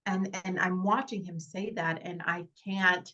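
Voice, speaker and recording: A woman, an actress, talking in an interview in a heartfelt, halting way with many fillers and restarts. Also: lowish voice, steady tone, bright, forceful tone, dull audio. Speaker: actress guest. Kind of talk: casual interview chat.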